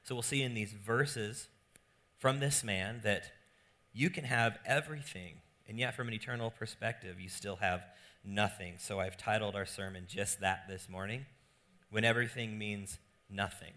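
A young adult man, a pastor preaching a sermon with animated, playful storytelling. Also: lowish voice, moderate pace.

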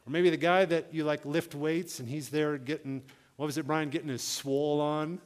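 A man with a somewhat high voice preaches to his congregation in an easy, conversational way. He slips into quick acted-out bits of dialogue to make his points. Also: steady tone. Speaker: pastor. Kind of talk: sermon.

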